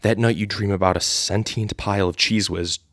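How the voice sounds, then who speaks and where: A man's voice: fairly low pitch, steady tone, normal speed, fairly bright tone, no room sound, clean studio sound. A man casually reading an AI-written adventure story live for the first time, laughing at it along the way. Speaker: storyteller and host.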